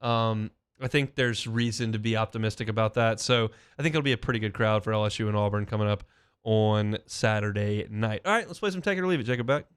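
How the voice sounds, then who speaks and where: A man's voice: lowish voice, fast talker, clean tone. A man hosting a sports talk radio show, giving casual, opinionated takes with frequent restarts. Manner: conversational, opinionated, many restarts. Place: radio studio. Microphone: studio mic.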